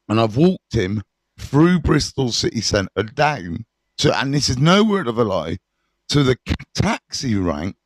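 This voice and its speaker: A middle-aged English man with a mid-pitched voice tells his own story to camera. He talks candidly and animatedly, dropping slang and swearing as he goes. The sound is close and dry. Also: dry recording. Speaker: addiction recovery mentor.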